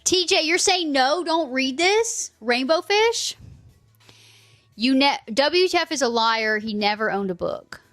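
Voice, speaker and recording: A woman's voice: high voice, lively intonation, unhurried, fairly bright tone, faint music behind. A woman in her thirties streaming live, chatting casually and teasing her chat, swearing freely.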